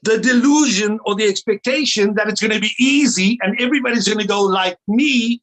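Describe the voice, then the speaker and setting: A South African man runs an online training call, his voice sitting a little high for a man. He keeps things playful and upbeat, bantering with attendees. The sound comes through a video call. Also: brisk, few pauses, fairly bright tone.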